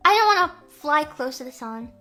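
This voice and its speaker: A woman's voice: high-pitched, expressive, brisk, bright, forceful tone. A young woman streaming as a VTuber, chatting casually in a rambling, stammering, Valley-girl way full of fillers. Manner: stammering, repeating phrases. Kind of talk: casual livestream chat.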